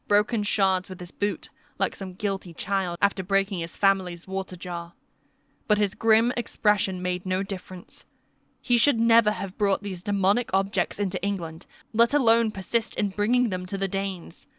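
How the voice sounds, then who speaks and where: A woman narrating a historical fantasy romance audiobook with steady, measured storytelling. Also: mid-range voice, no room sound.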